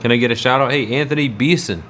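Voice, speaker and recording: A man's voice: mid-range voice, quick pace, fairly bright tone, slight background noise. A man livestreaming, chatting casually in a rambling way and answering his viewers' messages.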